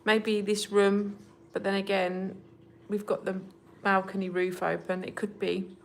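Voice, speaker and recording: A woman's voice: mid-range voice, little pitch movement, unhurried, creaky, slight background noise. A woman hosting a casual livestream from home, chatting with viewers and talking to her cats. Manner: chatty, talks to her cats in a soft baby voice. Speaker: livestream host.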